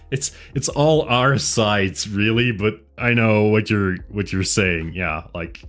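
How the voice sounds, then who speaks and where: Low-voiced streamer, slow and rambling, self-mocking casual chat. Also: male voice, fairly bright tone, faint music behind. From Flanders, Belgium. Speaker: livestreamer.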